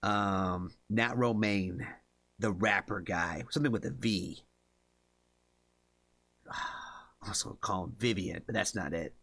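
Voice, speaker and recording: A man's voice: low voice, takes it slowly, creaky, long pauses, a bit bright, no room sound. A man from the United States hosting a music reaction stream, chatting casually with viewers in a rambling way with lots of fillers. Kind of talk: casual live-stream chat.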